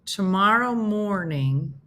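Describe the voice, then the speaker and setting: A woman's voice: medium pitch, lively intonation, takes it slowly, a bit bright. A woman hosting a casual morning show from New Jersey, chatting in a rambling way and laughing often. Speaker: host.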